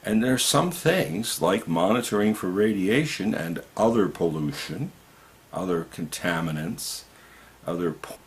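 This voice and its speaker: A man's voice: sits low, animated, unhurried. A man giving an impassioned political monologue to camera, indignant and ranting, often rising to outbursts. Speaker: video commentator.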